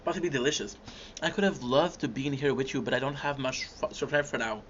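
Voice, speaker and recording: A man's voice: medium pitch, fast talker. Young man chatting with viewers while eating. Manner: relaxed, chatty, stops to chew and hum between bites. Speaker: livestream host. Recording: dull lo-fi stream audio with faint background hum.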